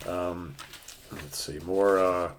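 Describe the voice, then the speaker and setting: A man's voice: deep voice, fairly even intonation, slow. A man casually retelling a comic book story as a podcast co-host, with loose fillers and acted-out lines.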